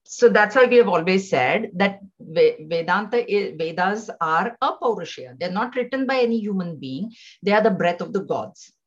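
A woman teaching scripture to a class, patiently explaining, repeating phrases and chanting some of them slowly. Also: mid-range voice, lively intonation. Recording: dull lo-fi sound.

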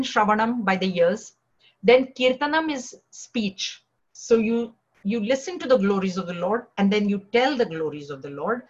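Husky-voiced woman explaining scripture. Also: medium pitch, dull audio. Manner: conversational, with frequent "you know" and restarts. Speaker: spiritual teacher.

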